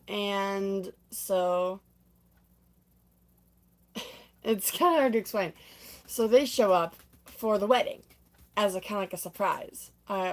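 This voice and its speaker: A young woman chatting away on a livestream, her speech looping through "like" and "um" as she recaps a show she was part of. She talks at an ordinary pitch for a woman, rambles cheerfully, and every so often breaks into a squeaky impression of someone. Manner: chatty, full of "like" and "um", laughs often, acts out lines in squeaky voices. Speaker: livestreamer recapping a stage musical she performed in. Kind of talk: casual rambling retelling.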